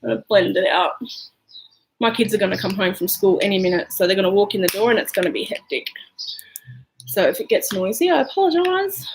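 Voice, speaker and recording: An Australian woman talks her way through her makeup routine in a loose, chatty ramble. She fills gaps with "um" and "like" and drifts from topic to topic at home. Her voice sits at an ordinary middle pitch for a woman. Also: noisy background. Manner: chatty and rambling, lots of fillers. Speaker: beauty vlogger. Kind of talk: casual makeup chat.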